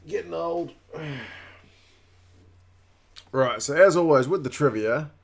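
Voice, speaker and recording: A man, hosting a casual rugby watch-along stream and chatting with viewers. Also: mid-range voice. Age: 30s. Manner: chatty, reacting to live chat comments. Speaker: livestream host.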